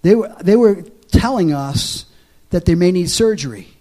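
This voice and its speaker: A man preaching in a church, moving from hushed storytelling to loud, fervent altar-call exhortation. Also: high-pitched, expressive, normal speed. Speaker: pastor. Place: church service with music behind.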